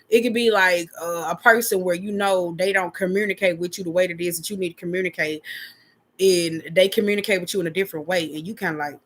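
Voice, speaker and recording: A woman's voice: medium pitch, a bit bright. Slangy, profane woman giving a tarot reading. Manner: loose, slangy, profane, with repeated filler phrases; drops into quick acted-out quotes of imagined people. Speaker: tarot reader. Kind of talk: casual tarot reading vlog.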